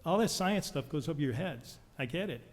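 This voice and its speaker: Testifying at a legislative hearing, a man with a fairly high voice and lively intonation speaks briskly. He is intense and accusatory, firing off medical jargon. A long hall reverb surrounds his public testimony.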